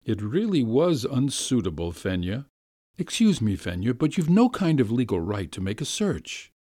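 A man's voice: mid-range voice, big pitch swings, mellow, dry recording, studio quality. A man voicing a hasty, placating husband. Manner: hurried, placating. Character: middle-aged husband, hasty, placating, mildly exasperated.

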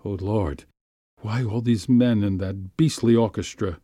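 A man reading a story, voicing an anxious lovesick gentleman who speaks in a hushed, urgent way. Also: on the low side, a little slow, no echo, studio quality.

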